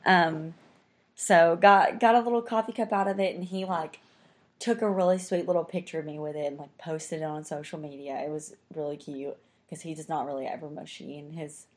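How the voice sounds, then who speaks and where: A woman's voice: low voice, steady tone, fairly quick. A young woman telling a story in casual chat, talking chattily and saying "like" constantly.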